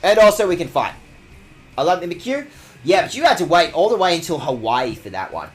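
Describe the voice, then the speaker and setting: A man's voice: fairly high pitch, big pitch swings, fairly quick, soft background music. A man streaming a video game, ranting with playful mock outrage and lots of swearing. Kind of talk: casual game stream commentary.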